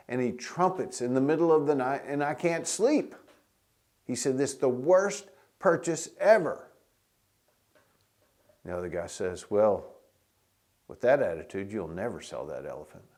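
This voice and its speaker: A pastor preaching a sermon, telling stories in a loose conversational way with restarts, and getting loud when he reads scripture. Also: fairly low pitch.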